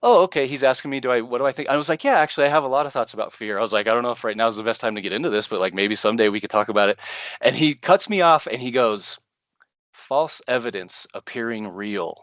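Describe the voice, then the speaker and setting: A man co-hosting a podcast, telling a personal story in a casual, animated way and laughing often. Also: mid-range voice, very fast, no room sound, muffled recording. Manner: animated, laughs often, acts out his own panic. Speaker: podcast co-host.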